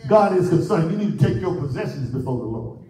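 A male pastor, preaching a sermon in a church with a shouting, sing-song, repetitive cadence. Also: on the high side, expressive, quick pace, far from the mic. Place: church sanctuary. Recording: echoey church hall, mic from afar.

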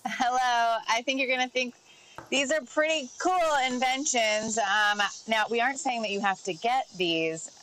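On a TV lifestyle show in the studio, a woman tech-segment guest with a fairly high, fairly bright voice speaks at normal speed. She casually runs through a list of gadgets, reading product notes with offhand asides. The audio is poor, with a little hiss or hum.

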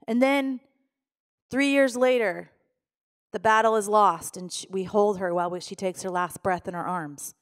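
A woman's voice: mid-range voice, steady tone, moderate pace. A middle-aged woman pastor preaching a sermon, telling a personal story with strong emotion and acting out her own pleading prayers.

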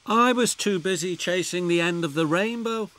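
A man's voice: high-pitched, normal speed, voice pushed up. A man voicing a cheeky, over-eager little male tank engine in a cartoon storybook. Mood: regretful. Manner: excited, breathless exclamations.

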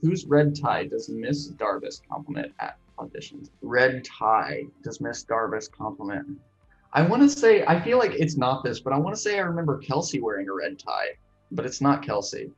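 A man in his twenties answering trivia questions in casual chat, thinking out loud with a self-deprecating manner. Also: mid-range voice, sing-song, normal speed, muffled recording, faint music behind.

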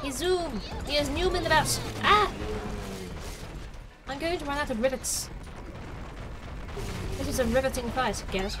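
A woman's voice: high-pitched, moderate pace, long pauses, music in the background. A woman playing a video game live, joking to herself and crying out as she plays. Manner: playful, exclaiming, joking to herself. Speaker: game streamer. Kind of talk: live gameplay commentary.

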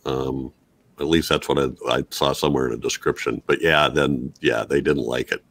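A man's voice: extremely low pitch, steady tone, moderate pace, a bit bright, dry recording. A man hosting a casual film review podcast, talking with many fillers and restarts. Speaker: podcast host.

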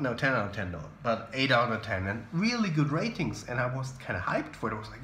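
A man's voice: mid-range voice, sing-song, a little fast, hardly any pauses, fairly bright tone, a little hiss or hum. Young male vlogger in his twenties, casual self-deprecating chat to camera, mid voice, roomy sound. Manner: chatty, opinionated, self-deprecating. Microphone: camera mic. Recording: roomy echo.

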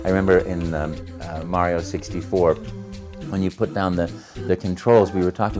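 A man, a voice actor, telling stories in an interview, animated and acting out the dialogue. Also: sits low, moderate pace, over music. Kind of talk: interview anecdote.

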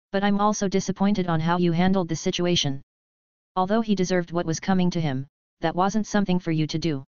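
A woman's voice: on the low side, smooth, dry recording, highs cut off, lightly acted. A woman reading the lines of a stern, burly middle-aged uncle in a novel. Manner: stern and lecturing.

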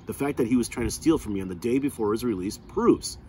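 A man's voice: mid-range voice, animated, quick pace, mellow, a little hiss or hum, lightly acted. A man reading aloud, voicing a cool, calculating woman who runs a prison camp. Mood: cold. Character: cold, lying woman camp warden.

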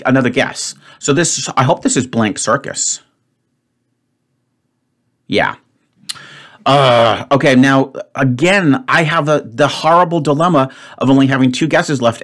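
A man solving a word puzzle out loud, thinking aloud and muttering to himself. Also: mid-range voice. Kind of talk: solo puzzle-solving commentary.

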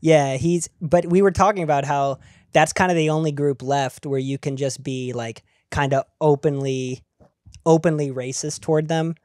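A man's voice: on the high side, steady tone, moderate pace, darkish tone, no room sound, studio quality. Rambling man chatting on a comedy podcast. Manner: rambling, many fillers and restarts, laughs mid-sentence. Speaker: podcast co-host. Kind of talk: casual comedic chat.

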